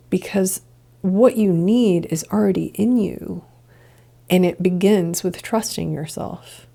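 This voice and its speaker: A woman with a mid-range, dark-toned voice and vocal fry hosts a podcast as a solo monologue. An adult integration coach past childhood and drinking years, she muses earnestly and reflectively, posing many rhetorical questions.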